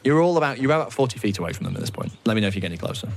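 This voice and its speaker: A man narrating as game master of a tabletop game, describing scenes in a relaxed, hesitant way. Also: medium pitch, rapid-fire, creaky.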